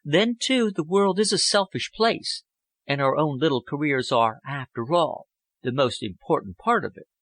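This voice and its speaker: A man voicing a poised, worldly young woman who speaks in a languid, elegant, gently persuasive way. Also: a little high, expressive, moderate pace, no room sound. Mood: wistful.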